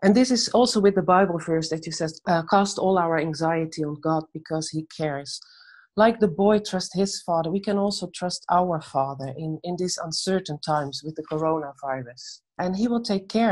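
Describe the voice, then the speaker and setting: Gentle woman speaking on faith. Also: fairly low pitch. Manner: gentle, measured, tells stories. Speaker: guest speaker on faith and anxiety. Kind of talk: calm faith-based conversation.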